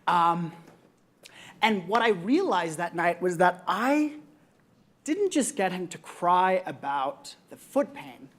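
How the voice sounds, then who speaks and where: A young adult woman on a conference panel, earnestly telling a personal story with frequent ums and reflective pauses. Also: fairly low pitch, lively intonation.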